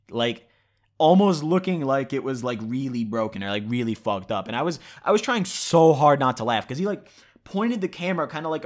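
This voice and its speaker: A young man vlogging, telling a casual story in a rambling, profane way with lots of fillers. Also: mid-range voice.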